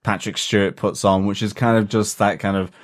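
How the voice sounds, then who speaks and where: Low-voiced man on a relaxed podcast. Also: a little fast. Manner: relaxed, thoughtful, uses many fillers. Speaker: podcast co-host. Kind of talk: casual chat.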